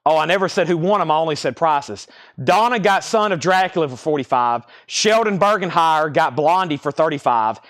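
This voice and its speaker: A man hosting a live record sale stream, briskly calling out titles and prices, slightly out of breath. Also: fairly high pitch, expressive, fairly bright tone, dry recording, clean studio sound. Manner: brisk auctioneer-style patter, calling out prices.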